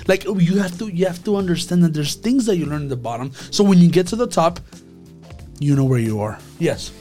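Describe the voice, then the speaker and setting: A man with a fairly high voice talks through a casual faith discussion. He is earnest and animated, and he apologizes quickly whenever he interrupts. Faint music plays underneath.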